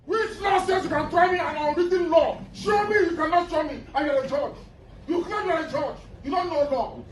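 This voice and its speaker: Shouting high-voiced man in court. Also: normal speed. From Nigeria. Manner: shouting, defiant, repeats phrases. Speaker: defendant in court. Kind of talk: angry courtroom protest. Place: busy courtroom. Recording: echoey, distant, with crowd noise.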